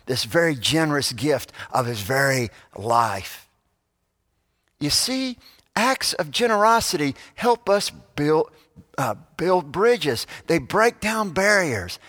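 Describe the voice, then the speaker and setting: A man's voice: a little high, a bit bright. A male pastor giving a sermon, telling stories and acting out the people in them. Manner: storytelling, voices quoted characters. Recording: long church reverb.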